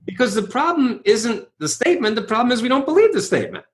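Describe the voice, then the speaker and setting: A man's voice: very high voice, big pitch swings, quick pace. A man being interviewed as a guest speaker, telling his story energetically, acting out quoted voices and often asking "right?".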